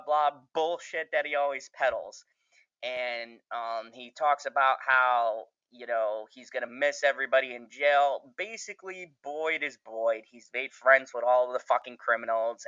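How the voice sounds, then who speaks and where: Excitable, foul-mouthed male reviewer. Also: mid-range voice, clean tone, dry recording, lo-fi sound. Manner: profane, excitable, rambling. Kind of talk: casual recap review.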